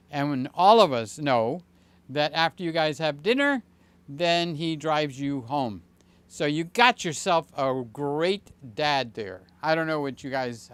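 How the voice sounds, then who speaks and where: Rambling older man, smooth clear voice. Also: on the high side. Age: 60s. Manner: rambling, jokey, with many fillers and sudden excited jumps. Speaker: channel host. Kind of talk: casual livestream chat.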